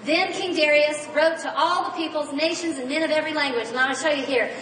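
Animated woman preacher in an echoey hall. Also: sits high, fast, far from the mic. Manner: animated, expressive storytelling. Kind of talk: sermon.

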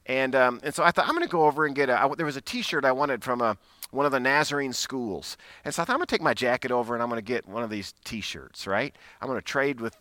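Bright, crisp-voiced man preaching. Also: mid-range voice, expressive, fast, dry recording. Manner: conversational storytelling, self-deprecating, frequent restarts. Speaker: pastor. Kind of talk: sermon with personal story.

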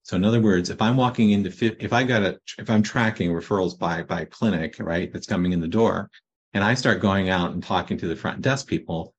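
Husky low-voiced man coaching. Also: fairly quick, lo-fi sound. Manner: casual storyteller, ends points with "right?". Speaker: practice coaching podcast host. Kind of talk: conversational coaching podcast.

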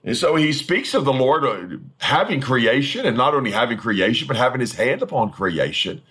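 A middle-aged man, a pastor, preaching a sermon in an emphatic, fervent manner with a husky voice and repeated phrases. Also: medium pitch, big pitch swings, normal speed, fairly bright tone.

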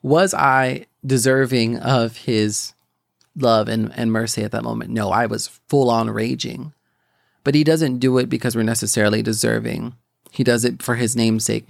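Gravelly young man sharing a faith story. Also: medium pitch, fairly even intonation, no room sound, clean studio sound. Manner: rambling, halting, many restarts and fillers. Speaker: podcast host. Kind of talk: personal faith testimony.

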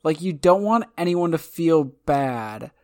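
Teasing man with a higher voice. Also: expressive, slow, darkish tone, dry recording, studio quality. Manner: teasing, playful. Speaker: podcast co-host. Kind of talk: casual chat.

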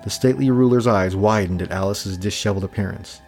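A man reading a fantasy story aloud in a measured, descriptive narration. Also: fairly low pitch, darkish tone, soft background music.

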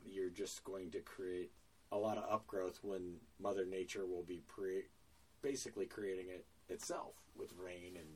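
A man talks shop on a podcast in a deep, unhurried voice. He's plain-spoken, with lots of ums and restarts. His voice sits slightly away from the microphone. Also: husky, far from the mic. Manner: relaxed, plain-spoken, many fillers. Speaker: lawn care business owner. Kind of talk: casual podcast conversation.

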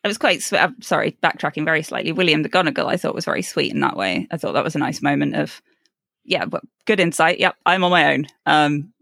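Woman co-host for a casual book chat, gravelly voice, dry close recording. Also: low-pitched, fast talker, no echo. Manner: chatty, laughs often, animated asides. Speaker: podcast co-host.

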